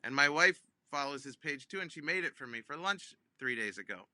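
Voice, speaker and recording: A comedian, a man, telling a funny phone-call story in an animated way, with many ums and restarts, acting out both sides. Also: a little high, a little fast, no echo. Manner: acts out both sides of phone calls with big voice jumps. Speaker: comedian guest.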